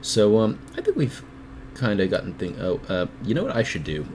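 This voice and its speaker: Give me a rambling, self-deprecating male co-host for a casual stream, his voice slightly deep. He keeps stumbling over his words and leans on fillers. A faint hum of ambience runs underneath. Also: huge pitch swings, fairly quick, a little mellow. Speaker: podcast host. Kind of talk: casual livestream chat.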